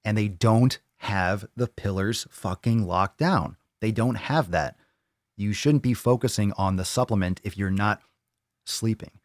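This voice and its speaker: A lowish male voice at a measured pace, recorded dry with studio quality. The speaker hosts a live fitness Q&A, answering his viewers with blunt opinions, free swearing, and rants.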